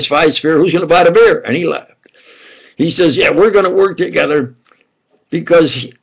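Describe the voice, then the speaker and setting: An older man telling a rambling first-person account, often acting out dialogue and dropping into low mutters. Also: gravelly, fairly bright tone, slightly rough, rough recording. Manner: digressive, quotes others in dialogue, drops to low mutters. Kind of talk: rambling conspiracy monologue.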